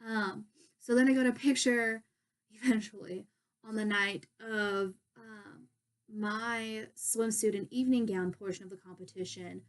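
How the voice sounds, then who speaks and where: A woman's voice: mid-range voice, fairly even intonation, measured pace. A young woman, a pageant contestant, telling stories in a casual vlog from her bedroom, bubbly and gushing. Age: young adult.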